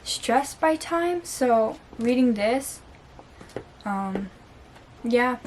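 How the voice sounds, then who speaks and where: A woman talking casually to camera as a book vlogger, her voice sitting a little high. She gushes earnestly and openly, and she peppers her sentences with "like.". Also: expressive, very slow, slight background noise. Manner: chatty, gushing, peppered with "like". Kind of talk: casual reading vlog chat.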